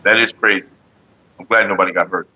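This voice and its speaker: A man's voice: low-pitched, fairly even intonation, brisk, husky, highs cut off. A man chatting casually and profanely on a morning livestream, rambling to his viewers and his partner. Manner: sings loudly and off-key at times. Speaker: vlogger.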